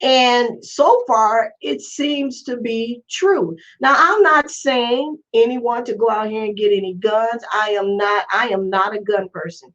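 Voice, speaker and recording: A woman hosting a casual talk show, asking rhetorical questions in loud, incredulous exclamations. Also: fairly high pitch, unhurried, hardly any pauses. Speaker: host. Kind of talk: casual commentary. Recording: lo-fi muffled recording.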